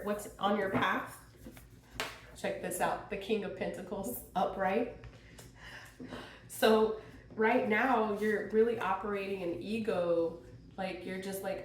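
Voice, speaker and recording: A woman giving a chatty, expressive tarot reading, her voice worn and hoarse. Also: mid-range voice, measured pace, a little hiss or hum. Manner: chatty, expressive, laughs and sings bits. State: losing her voice, clearing throat. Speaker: tarot reader. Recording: quiet roomy home recording.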